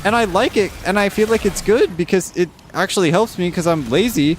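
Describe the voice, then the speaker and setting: A livestreamer rants casually while reading chat comments, swearing a lot as his pitch rises in exasperation. He talks fairly quickly, with faint music behind him.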